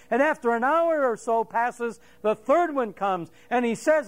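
A man's voice: extremely high pitch, animated, unhurried, few pauses. A middle-aged man preaching a sermon, telling the story vividly and acting out the quotes and a crowing rooster. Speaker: pastor.

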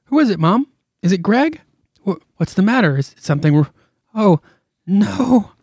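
A man voicing an excited teenage girl cheerleader, pitched up and breathless. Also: normal speed, slightly rough, no echo, studio quality, exaggerated voice. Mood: anxious.

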